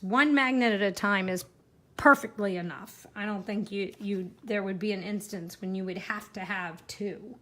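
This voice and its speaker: A woman's voice: mid-range voice, normal speed, a bit bright. A chatty woman giving a casual live card-making demo, talking while she works and joking about herself. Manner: chatty, self-deprecating, talks while working.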